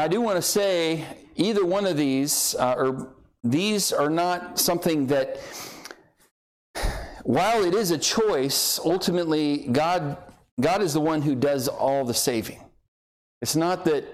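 A man preaching a conversational sermon as pastor, joking and acting out imagined dialogue between believers. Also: a little high.

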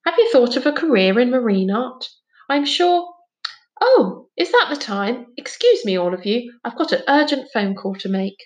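A woman's voice: fairly high pitch, big pitch swings, moderate pace, darkish tone, pitched above the performer's own voice. A woman doing a distracted kindly professor. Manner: polite, distracted.

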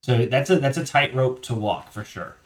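A man co-hosting a casual podcast, chiming in with jokey quick reactions. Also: mid-range voice, expressive. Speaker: podcast co-host.

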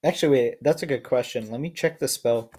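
A man's voice: mid-range voice, fairly quick, darkish tone, husky. A man running an online tabletop game as game master, laid-back and swearing casually as he narrates.

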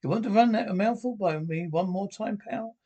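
A gruff blustery husband who loves guns, brusque and rude, tv drama. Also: male voice, high voice, brisk, warm tone. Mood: belligerent.

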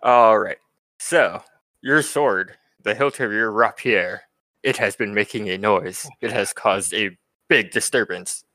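A man narrating a tabletop game as game master, playful and quick to laugh. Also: on the low side, pushed and bright. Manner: laughs often, playful and teasing.

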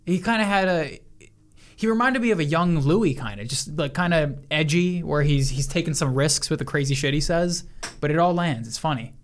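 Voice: medium pitch, moderate pace. Laid-back opinionated podcast co-host. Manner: laid-back, swears casually, opinionated recommendations. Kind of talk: casual chat.

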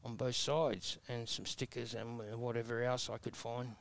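A man's voice: mid-range voice, level tone, normal speed, gravelly. A man in his sixties with an Australian accent, telling his life story as an interview guest in a blunt, earnest, folksy way. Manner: blunt, earnest, folksy with mild self-mocking humor.

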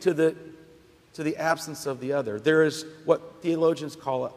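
A man's voice: a little high, moderate pace. A man preaching a sermon as pastor, emphatic and conversational, often restarting his phrases. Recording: long hall reverb.

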